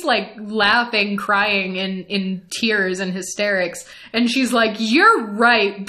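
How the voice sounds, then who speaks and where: Woman, bright voice, animated storytime vlog, laughs often, middle pitch. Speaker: vlogger.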